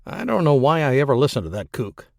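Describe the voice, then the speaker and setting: A put-upon man grumbling sarcastically, as a narrator voices him. His voice is plain and mid-pitched. The sound is dry and close. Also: big pitch swings, fast talker, gravelly, darkish tone, dry recording.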